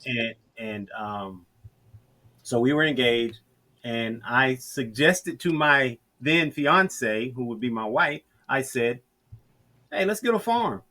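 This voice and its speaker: Georgia-born man, bright easygoing voice. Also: mid-range voice. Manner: unhurried storyteller with frequent restarts. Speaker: interview guest. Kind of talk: casual interview chat.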